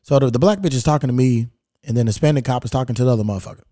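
Man, very deep mellow tone, dry close sound, profane rambling storyteller, podcast host. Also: racing, no room sound. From Kentucky. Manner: profane, blunt, rambling recounting. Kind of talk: casual storytelling monologue.

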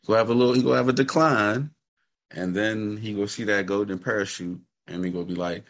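A man's voice: on the low side, steady tone, fast talker. A man hosting a casual sports talk show, laid-back and giving his hot takes. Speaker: podcast host.

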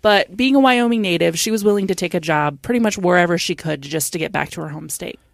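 A woman's voice: lowish voice, fast, gravelly, no echo, studio quality. A woman co-hosting a podcast, chatting casually and giggling between lines before she tells a true story. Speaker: podcast co-host telling the story.

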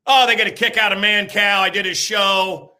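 Speaking at a normal speed in a high voice with little pitch movement, a man in his sixties rants through a talk-show monologue on the radio. He rambles, repeats himself, cracks crude jokes, and shouts in bursts, all loud and emphatic.

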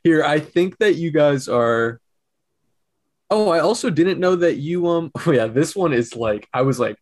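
A man's voice: on the high side, lively intonation, measured pace, no room sound. A young man co-hosting a podcast in casual chat, rambling with restarts and swearing. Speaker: podcast co-host.

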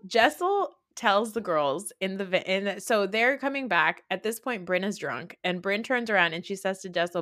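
Lively, laughing woman podcast host. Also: medium pitch, moderate pace, few pauses. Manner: expressive, laughs often, mimics cast members. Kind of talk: casual reality TV recap chat.

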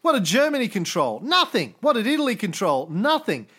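A man co-hosting a casual history podcast, talking in an animated way and swearing freely. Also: sits high, a little fast, breathy edge. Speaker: podcast co-host.

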